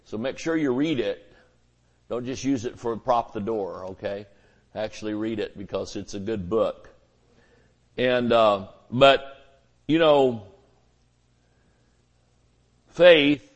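A man's voice: medium pitch, slow, long pauses. A man preaching a sermon as pastor, folksy and conversational, with homespun illustrations.

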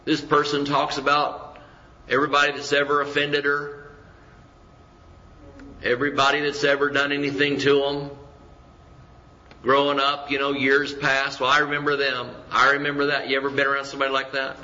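A man's voice: mid-range voice, monotone, normal speed, long pauses, sharp tone. A man, a pastor, preaching a conversational sermon full of rhetorical questions and mock voices. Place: church. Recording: roomy, dull church recording.

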